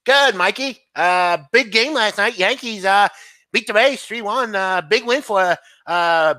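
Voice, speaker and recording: A man putting on a shrill, excitable male sports radio host who stammers and draws out his words. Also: no room sound, clean studio sound. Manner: high, loud, drawn-out, stammering.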